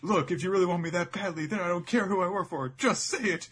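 A man voicing a clingy, tearful young woman who pleads in a high, strained voice. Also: quick pace, fairly bright tone, husky. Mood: pleading.

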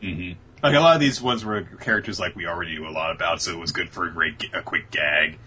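A man's voice: low-pitched, fast, sharp tone, a little hiss or hum. A man casually discussing an anime episode as a podcast co-host, acting out character lines with swearing and laughter.

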